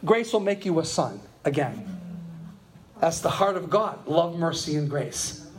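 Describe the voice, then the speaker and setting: An older man preaching a sermon to his congregation, telling stories with chatty asides and frequent laughs, dropping to murmurs and rising to loud exclaims. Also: a little slow, noisy background. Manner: animated storytelling, swings from low murmurs to loud exclaims. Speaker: pastor.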